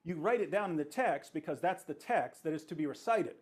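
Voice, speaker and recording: A man's voice: fairly high pitch, expressive, brisk, a little mellow. A man in a played clip who explains an argument with emphatic repetition. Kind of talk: argumentative presentation.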